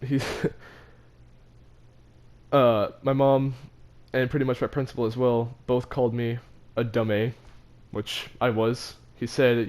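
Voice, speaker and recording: A man's voice: mid-range voice, level tone, slow pace, a little mellow. A teenage boy casually telling a story from his own life, laughing between phrases and stumbling over his words. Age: teens. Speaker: vlogger.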